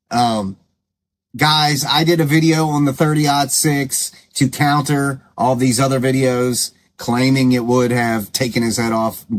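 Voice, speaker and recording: A man hosting his own commentary show, scolding and sarcastic as he rebuts claims, with an emphatic, combative delivery. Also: mid-range voice. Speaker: commentary channel host.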